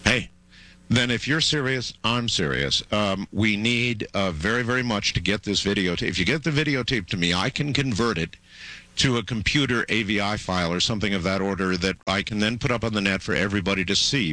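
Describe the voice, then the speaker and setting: A man's voice: fairly low pitch, brisk, pushed and bright, dry recording. A man hosting a late-night radio call-in show, talking insistently and cutting in with stammered repeats. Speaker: radio talk show host.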